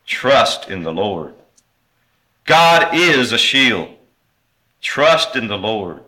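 Male preacher, slow and earnest, bright forceful tone, sermon delivery. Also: medium pitch, very animated, rough recording. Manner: reads scripture in old-style wording. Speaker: pastor.

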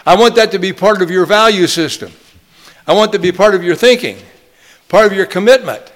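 A man's voice: sits high, animated, a bit bright. A man preaching a sermon, quoting scripture in old-fashioned phrasing and drawing out phrases for emphasis as he leads the congregation in repeating a line. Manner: drawn-out emphatic phrases, leads call-and-response.

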